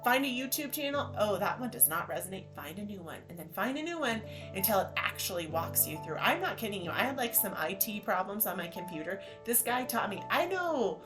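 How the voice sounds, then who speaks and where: A woman's voice: medium pitch, animated, a little fast, few pauses. A woman in her thirties hosting a yoga podcast, talking in an effusive, encouraging way with faint music behind. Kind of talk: motivational podcast monologue.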